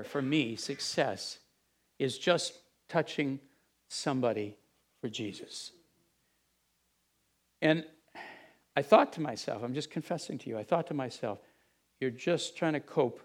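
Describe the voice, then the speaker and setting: A middle-aged man, a pastor, telling a candid confessional story in a sermon. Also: a little high.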